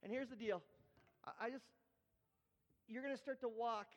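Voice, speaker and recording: A man preaching a sermon with props and demonstrations, animated and repetitive, stammering as he restarts. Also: extremely high pitch, normal speed. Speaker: pastor. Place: church hall. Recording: dull sound in a large reverberant hall.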